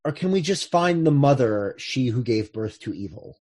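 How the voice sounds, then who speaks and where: Sarcastic, animated tabletop player. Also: mid-range voice, moderate pace, breathy edge. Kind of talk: casual tabletop game chat.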